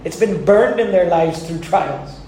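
A man's voice: high voice, expressive, a little slow, dark tone, a little hiss or hum. A male pastor preaching a sermon in an earnest, conversational way, chuckling now and then. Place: church sanctuary. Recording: very echoey church hall.

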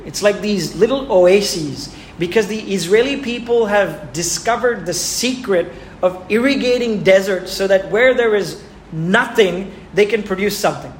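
A man's voice: high-pitched, measured pace. A man preaching a sermon who asks his listeners questions and repeats words for emphasis. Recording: echoey room with faint ambient noise.

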